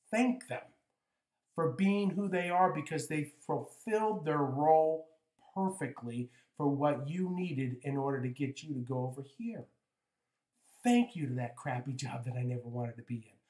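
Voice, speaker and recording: A man in his fifties coaching listeners in a relaxed, rambling spiritual talk, circling back with "right?" between thoughts. His voice sits a little high for a man. The room around him rings with a clear echo. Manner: conversational, with frequent "right?" asides and restarts. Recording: echoey room.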